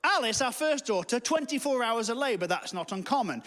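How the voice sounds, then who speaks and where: A man doing stand-up storytelling, animated and self-mocking, leaping into a high panicky voice. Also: brisk. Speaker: stand-up comedian. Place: church hall with audience. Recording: live hall with long reverb.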